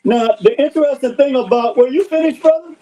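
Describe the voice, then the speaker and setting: A man's voice: extremely high pitch, brisk, dark tone, poor audio. Laughing man in casual podcast talk. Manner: agreeable, laughs often, restarts. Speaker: podcast guest, fundraiser. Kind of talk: casual conversation.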